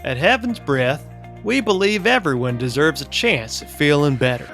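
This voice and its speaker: A man's voice: fairly high pitch, expressive, moderate pace, a bit bright, soft background music. A man voicing a bald halfling company founder, a persuasive salesman with a Southern accent.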